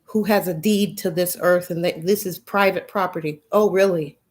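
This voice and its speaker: A woman's voice: on the low side, fairly even intonation, normal speed, a little mellow. Woman on a blunt, profane rant. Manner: heated, blunt and profane, with rhetorical questions. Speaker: vlogger. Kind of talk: ranting monologue to camera.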